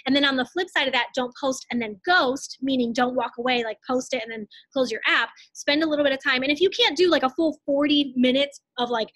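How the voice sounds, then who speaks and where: Young woman team coach, bright high register, blunt and breezy, dry webcam sound. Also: no echo. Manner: fast casual, many "like"s, blunt asides. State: out of breath. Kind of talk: live online team training.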